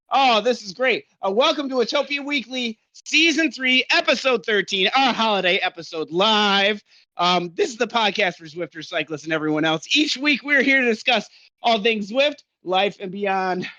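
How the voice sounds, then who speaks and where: A man's voice: high-pitched, animated, moderate pace, bright, forceful tone, lo-fi sound. A man hosting a casual live podcast, out of breath as he introduces guests while riding an indoor bike. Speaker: podcast host.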